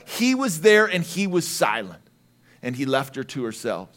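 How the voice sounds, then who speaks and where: A man preaching a sermon as pastor, lively and emphatic, at times rising to shouts. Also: medium pitch, normal speed.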